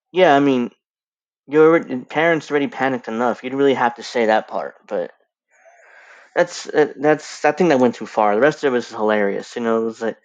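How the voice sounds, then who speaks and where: A man's voice: medium pitch, dry recording, dull audio. A man giving casual, rambling reaction commentary on a clip, with frequent restarts. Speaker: video commentator.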